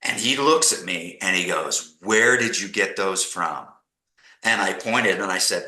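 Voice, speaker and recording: A middle-aged man from Canada, a podcast guest telling animated stories and acting out the people he quotes. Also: fairly low pitch, normal speed, echoey room, rough recording. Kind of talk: casual storytelling interview.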